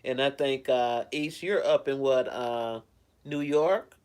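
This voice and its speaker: A man chats with his viewers on a live stream from home, talking in a loose, rambling way. He greets people by name and sounds caring toward them. His voice sits at an ordinary middle pitch. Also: takes it slowly, darkish tone, clear, resonant tone. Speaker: live streamer reading chat. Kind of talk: casual live-stream chat.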